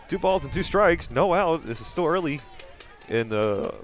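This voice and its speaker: Lively, teasing male softball commentator. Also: a little high, normal speed, faint music behind. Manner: teasing, laughs often. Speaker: color commentator. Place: outdoors at a softball field.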